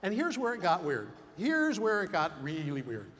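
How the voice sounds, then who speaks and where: A high-pitched man speaks at a moderate pace in a large conference hall, with a long reverb tail and slight background noise. Giving a humorous motivational keynote to a big audience, he tells animated stories and acts out the dialogue.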